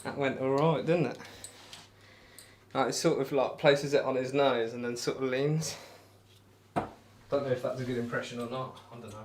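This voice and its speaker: Steady in tone and moderate in pace, this young man's mid-range voice carries over slight background noise. He's a darts livestreamer who rambles casually as he throws, making fun of himself and reading out and answering viewer chat.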